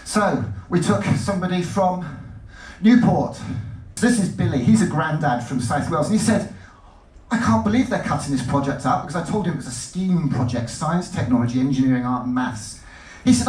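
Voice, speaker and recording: A man giving an animated stage talk to an audience, jumping between stories and cutting himself off mid-word. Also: mid-range voice, a little fast. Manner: animated, jumpy, self-interrupting. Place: lecture hall. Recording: roomy hall, mic at a distance.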